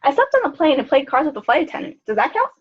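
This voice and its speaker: A woman's voice: high voice, very animated, fast. A young woman playing a sheltered rich girl at her first sleepover in a school skit, with a breezy, matter-of-fact manner. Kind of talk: student skit acting. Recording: dull lo-fi school video audio.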